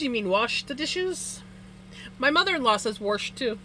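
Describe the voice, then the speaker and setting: A woman's voice: sits high, lively intonation, moderate pace, fairly bright tone, a little hiss or hum, rough recording. A woman chatting casually with her livestream viewers, laughing often as she talks. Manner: giggly, laughs often between words. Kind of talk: casual chat with viewers while spinning wool. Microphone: streaming setup.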